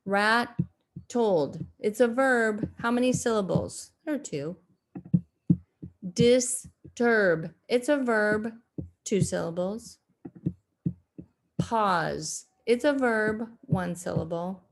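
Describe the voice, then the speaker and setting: Woman teacher narrating a recorded lesson to young kids over slides. She speaks slowly and deliberately, with many "uh" fillers and restarts. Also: medium pitch, creaky, noisy background. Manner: slow, deliberate, with frequent fillers and self-corrections. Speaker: second grade teacher.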